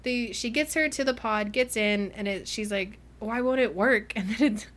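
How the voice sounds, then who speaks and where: A young woman co-hosting a book podcast, recapping the story in a casual, animated way with lots of laughter and "like" fillers. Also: mid-range voice, normal speed.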